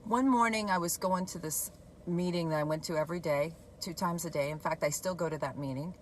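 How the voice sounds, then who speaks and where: A woman talking candidly and conversationally about her own recovery, sharing a personal story in a relaxed way. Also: on the low side, fairly quick, a little hiss or hum, rough recording. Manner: candid, conversational, laughs at herself. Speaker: recovery blogger. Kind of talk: personal testimony talk.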